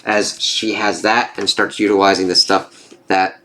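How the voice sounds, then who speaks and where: A man's voice: sits low, level tone, a little slow, bright, forceful tone. A man giving a casual spoken review of a comic book, swearing freely.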